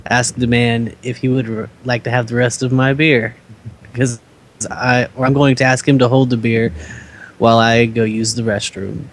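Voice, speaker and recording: Slow-talking, giggly male player. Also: mid-range voice. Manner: unhurried, giggly. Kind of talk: tabletop game play.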